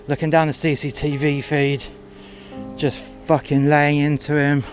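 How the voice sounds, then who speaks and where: A man's voice: fairly high pitch, level tone, measured pace, faint music behind. A man telling a first-person story in a crude, confrontational way, acting out both sides of a row.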